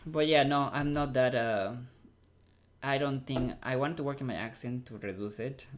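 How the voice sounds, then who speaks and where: A man with a Mexican accent, a Spanish speaker talking as an actor guest in a casual interview, halting and restarting as he searches for English words. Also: medium pitch, slight background noise.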